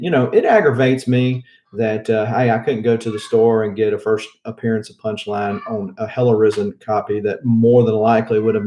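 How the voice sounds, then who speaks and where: A man's voice: on the low side, mellow, highs cut off. A man with a Southern US accent hosting a comic book show, rambling casually with lots of fillers and wry jokes. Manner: rambling, with many fillers and restarts; opinionated and joking. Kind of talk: casual chat.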